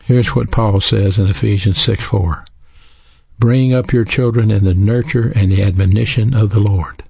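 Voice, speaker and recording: A man's voice: lowish voice, fairly even intonation, moderate pace, gravelly, mellow, husky, no room sound. A man preaching a sermon in an earnest, teaching way, spelling out words letter by letter.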